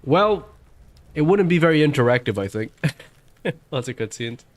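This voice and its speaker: A man's voice: a little high, animated, moderate pace. A man hosting a let's play, chatting in a laid-back, thoughtful way while he plays. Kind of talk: casual gameplay chat.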